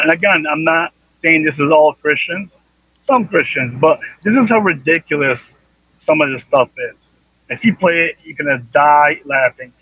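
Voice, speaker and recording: A man's voice: a little high, breathy edge, dry recording, muffled recording. A man in a casual live stream, mocking and swearing as he sets up a clip. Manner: profane, mocking.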